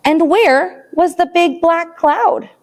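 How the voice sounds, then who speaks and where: A woman librarian reading a picture book aloud to small children, expressive and animated, then leading a counting rhyme. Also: very high-pitched, takes it slowly. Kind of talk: storytime read-aloud.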